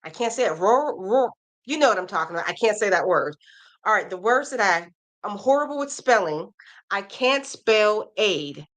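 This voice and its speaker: A woman's voice: mid-range voice, lively intonation, normal speed, a bit bright. Chatty woman hosting a crochet stream. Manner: chatty, reads viewer comments aloud and reacts. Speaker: crochet live-stream host. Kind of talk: casual live-stream chat.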